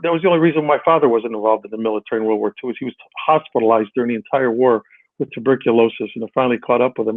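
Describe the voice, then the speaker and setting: Older man talking fast over a phone line. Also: medium pitch, no room sound. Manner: rambling, many restarts and repeated words. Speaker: guest actor. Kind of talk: casual radio interview. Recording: muffled phone line, dry.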